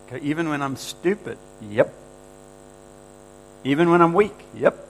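A man's voice: on the high side, animated, a little slow, pauses often, rough recording. Emphatic male preacher, faint hum. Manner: emphatic, quoting scripture with rising force. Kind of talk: sermon.

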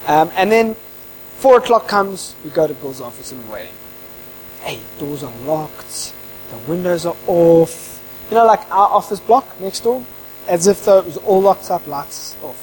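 A man who interviews people, telling a casual anecdote in an animated way and acting out the dialogue. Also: high-pitched, moderate pace, slight background noise, low-quality recording.

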